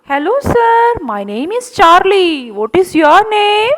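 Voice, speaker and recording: A woman's voice: very high voice, sing-song, fairly bright tone, full character voice, poor audio. A woman voicing a small lost boy monkey in a childlike, earnest voice for a puppet show. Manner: childlike, slow and plaintive.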